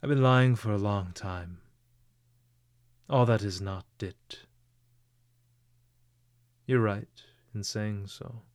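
Guy reading feverish brooding young man, low gravelly voice, slow, drops to whispers. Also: dry recording. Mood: weary. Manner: intense, drops to unvoiced whispers.

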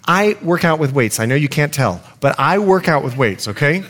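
A man's voice: a little high, normal speed. A middle-aged man preaching a sermon as pastor in a church, telling stories and acting out the people in them. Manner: animated storytelling with acted-out quotes.

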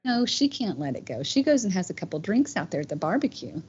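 A woman's voice: on the low side, big pitch swings, fast talker, a little mellow, slightly rough. A woman, telling a personal story as a podcast guest in a heartfelt, rambling way, with many "you know" fillers. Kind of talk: casual storytelling. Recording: dull lo-fi podcast audio.

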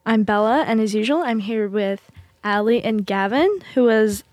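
A woman's voice: medium pitch, normal speed, darkish tone, dry recording. A young woman hosting a radio music show, chatting casually and rambling with lots of fillers.

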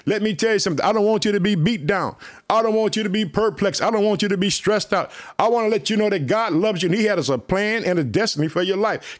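High-voiced, fervent male preacher. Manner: repetitive, exhorting, keeps saying "let me tell you something"; speaks directly to listeners as family. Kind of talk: fervent online sermon.

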